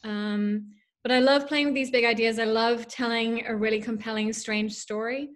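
A woman's voice: a little high, steady tone, normal speed. Chatty South African woman, mixed accent. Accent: mixed South African, drifting toward American and Irish. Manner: chatty, self-deprecating, frequent fillers. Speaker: author guest. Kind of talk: casual interview.

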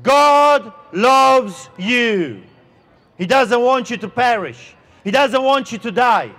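Out on the street, a middle-aged man speaking English with a non-native accent preaches as a pastor. His very high, slightly bright voice moves slowly and emphatically, stretching each word.

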